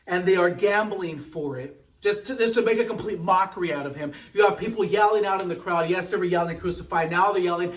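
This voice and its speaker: A male pastor giving an earnest devotional sermon, quoting scripture slowly and often asking "right?". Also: high voice, recorded from a distance, rough recording.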